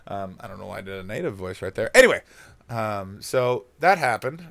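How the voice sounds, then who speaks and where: A man's voice: fairly low pitch, lively intonation, brisk, vocal fry, fairly bright tone. Profane rambling man, comedy rant. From Canada. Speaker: comedian podcast host.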